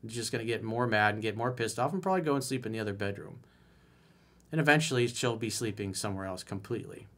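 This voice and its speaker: A man's voice: fairly low pitch, lively intonation, fast talker, a bit bright. A man giving dating advice as a coach in a solo video, reading a viewer's email aloud and commenting on it bluntly and emphatically.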